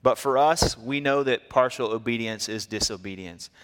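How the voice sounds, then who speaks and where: A man preaching a sermon, telling stories in a lively way and acting out the people in them. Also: medium pitch, moderate pace, smooth, in a large hall. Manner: storytelling, animated, acts out quotes. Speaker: pastor.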